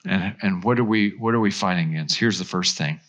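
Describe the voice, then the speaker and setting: A man, a pastor, preaching a sermon, swinging between animated emphasis and soft hushed asides. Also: low-pitched, a little fast.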